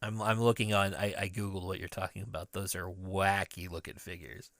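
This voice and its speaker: A man's voice: low voice, flat delivery, brisk, fairly bright tone, dry recording, studio quality. Man in his thirties recapping a cartoon. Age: 30s. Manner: laughing, enthusiastic recapping. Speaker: podcast co-host. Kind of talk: casual recap chat.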